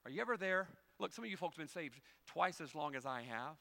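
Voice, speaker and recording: A male pastor preaching a sermon, moving from quiet folksy storytelling with humorous asides to loud, rising emphasis. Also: a little high, lively intonation, fast, vocal fry.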